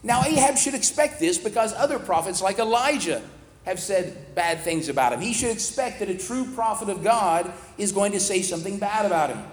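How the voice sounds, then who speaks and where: A man's voice: high voice, expressive, a little fast. A man giving a plain-spoken, conversational Bible lesson, explaining the text as he goes. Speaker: Bible teacher. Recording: echoey hall with long reverb.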